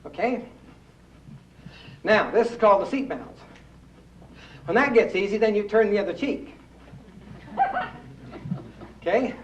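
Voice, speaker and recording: A man's voice: high-pitched, expressive, measured pace, long pauses, slight background noise. A man teaching a rebounding exercise class to a live audience in a folksy, coaxing way, often asking the crowd true or false. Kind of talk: live fitness demonstration to an audience. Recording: distant, echoey, dull old room recording.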